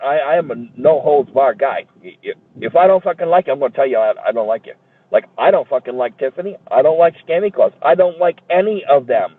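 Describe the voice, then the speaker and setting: A man's voice: medium pitch, breathy edge, no room sound. A man ranting in a heated, profane and repetitive way, as if streaming a monologue. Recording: tinny phone-like dry audio.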